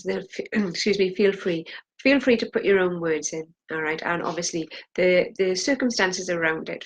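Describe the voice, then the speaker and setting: A woman leading a guided tapping session, saying phrases for the viewer to repeat and pressing harder on the angry lines. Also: fairly low pitch. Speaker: EFT tapping practitioner.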